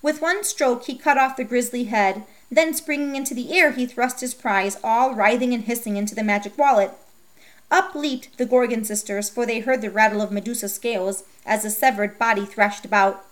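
Woman reading a storybook, fairly high voice. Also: normal speed. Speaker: narrator.

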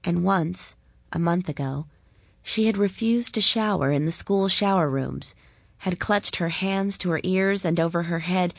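A woman reading a story aloud in a calm, measured way. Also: fairly low pitch, gravelly, no room sound, studio quality. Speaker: narrator.

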